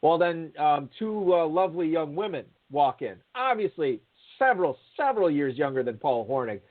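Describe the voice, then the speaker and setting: A man's voice: a little high, sing-song, moderate pace. Man telling a story over a tinny line. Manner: rambling storyteller with many fillers and restarts. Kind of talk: casual anecdote over a call. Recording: tinny phone-line audio.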